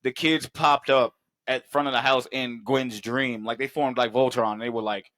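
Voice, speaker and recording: A man in casual podcast chat, profane and animated, jumping into quick impressions of characters. His pitch sits at a middle height for a man. The sound is dry and close, with no room in it. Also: dry recording. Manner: profane, animated, acts out scenes in quick voices. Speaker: podcast co-host. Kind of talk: casual movie review chat.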